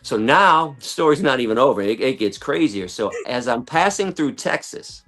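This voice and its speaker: A man telling a long story in conversation, animated and acting out other people's lines, with casual swearing. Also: mid-range voice, moderate pace, faint music behind. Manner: animated, acts out quoted voices, swears casually. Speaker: guest, animal rights activist.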